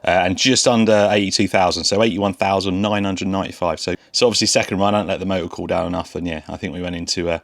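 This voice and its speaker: A man testing a remote-control car outdoors by a road, chattering excitedly to himself as he films. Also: low voice, fast talker, gravelly, few pauses, dry recording. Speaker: RC car vlogger. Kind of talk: casual self-narration while testing.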